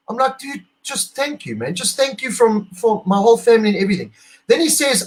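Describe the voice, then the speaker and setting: A middle-aged man from South Africa, co-hosting a casual chat and talking in an emotional, animated, gushing way. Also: extremely high pitch, rough recording. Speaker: podcast co-host.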